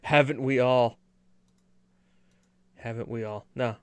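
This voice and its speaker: A man co-hosting a gaming stream, talking in animated casual chat, swearing and laughing often. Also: mid-range voice, slow, smooth, no echo. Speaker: co-host.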